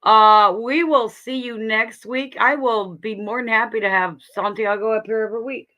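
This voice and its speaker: A woman's voice: a little high, steady tone, normal speed, sharp tone. A woman hosting a casual livestream, speaking earnestly about her faith and laughing easily. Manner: earnest, sharing personal faith, breaks into laughs. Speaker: livestream host.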